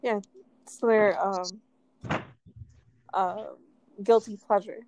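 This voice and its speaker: A woman co-hosting a casual podcast, pausing often with uh and um. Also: mid-range voice, steady tone, darkish tone, low-quality recording. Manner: hesitant, trailing with uh and um. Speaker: podcast co-host. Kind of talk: casual chat.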